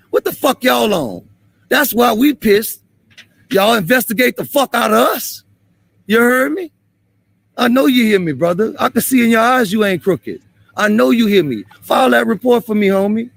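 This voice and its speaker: A man confronting police on a street, angry and profane, repeating himself and shouting at times. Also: very high voice, vocal fry, husky, no room sound.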